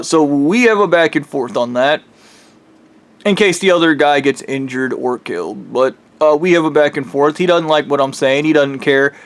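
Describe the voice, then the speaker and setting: A man telling a true spooky story in a casual, rambling way, swearing and correcting himself as he goes. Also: fairly high pitch.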